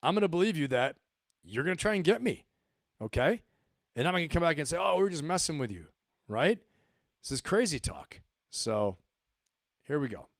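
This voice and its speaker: A man's voice: on the high side, very animated, moderate pace, long pauses, no room sound, studio quality. A middle-aged man, a retired Marine officer, hosting his channel with emphatic, repetitive commentary and rhetorical questions. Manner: emphatic, repeats himself, asks rhetorical questions. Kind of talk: casual commentary to viewers.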